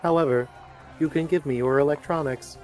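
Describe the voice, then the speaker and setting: Man speaking in measured, deliberate lines. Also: on the high side, fairly even intonation, a little mellow, faint music behind, a faint crowd. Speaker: player. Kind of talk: tabletop role-play.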